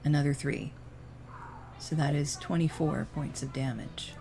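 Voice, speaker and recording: Slow, low-voiced woman player. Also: steady tone, vocal fry, heavy background noise. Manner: hesitant, thinking aloud while checking rules. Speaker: tabletop game player. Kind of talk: casual game table chat.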